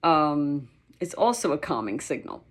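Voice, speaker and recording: A woman's voice: low-pitched, big pitch swings, a little slow, breathy edge. A woman dog trainer giving a casual, chatty lesson, with many fillers and the occasional playful dog sound. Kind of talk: casual instructional talk.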